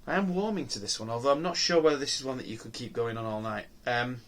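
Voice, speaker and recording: A man's voice: mid-range voice, quick pace. A man reviewing beer on his own channel, talking casually and musing aloud with many ums, restarts and rhetorical questions.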